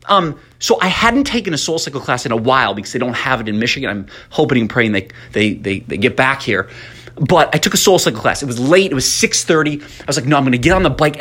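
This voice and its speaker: A young man hosting his own podcast in an upbeat, excitable way, full of fillers and slightly out of breath from pacing. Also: mid-range voice. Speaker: podcast host. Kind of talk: casual solo podcast monologue.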